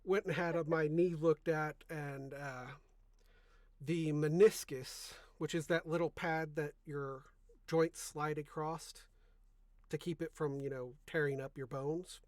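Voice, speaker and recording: Soft-spoken rambling young man, dry sound. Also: a little high, fairly even intonation, measured pace, no room sound. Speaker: podcast host. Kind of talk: casual chat.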